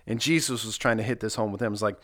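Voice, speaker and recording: A man's voice: on the low side, fairly even intonation, fast, a bit bright. A middle-aged man co-hosting a casual devotional chat, earnestly walking through his Bible study points one by one. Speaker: podcast co-host leading Bible discussion.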